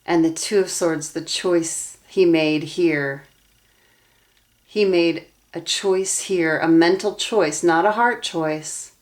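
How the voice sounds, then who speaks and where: A woman's voice: lowish voice, slow pace. A young adult woman giving a tarot reading, earnest and emotionally invested as she talks through the cards aloud. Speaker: tarot reader.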